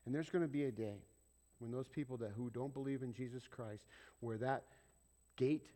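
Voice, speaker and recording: A male pastor with a medium-pitched voice delivers a sermon at a moderate pace. He shifts dramatically from loud urging down to near-whispers, staying conversational and often questioning the congregation.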